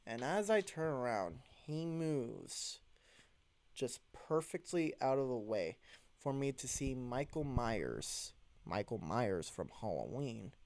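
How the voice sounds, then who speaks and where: A young man casually telling a story to the camera, animated, jumping into high voices when he quotes himself. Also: no room sound.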